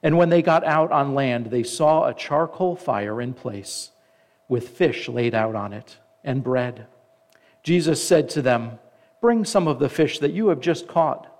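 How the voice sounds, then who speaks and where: A man preaching a sermon. He reads scripture aloud, slows down for the quoted lines, and stops now and then to comment. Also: mid-range voice. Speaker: pastor.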